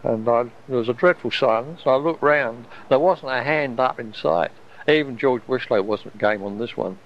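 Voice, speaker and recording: Recalling something he went through, a man rambles and wonders aloud, frequently starting his sentences over. His mid-range voice moves at normal speed, captured on a dull lo-fi recording with slight hiss or hum.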